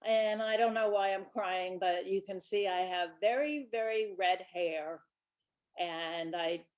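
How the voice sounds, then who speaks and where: A woman in her sixties, a children's book author, chatting through stories from her life in a relaxed presentation. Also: on the low side. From Brooklyn, New York. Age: 60s. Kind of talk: casual storytelling presentation.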